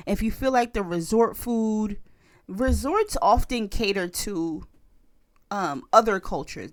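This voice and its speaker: A woman's voice: on the high side, dry recording, studio quality. An American woman co-hosting a podcast, chatting casually and telling stories with lots of laughter. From United States. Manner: animated storytelling, laughs often. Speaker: podcast co-host. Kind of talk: casual chat.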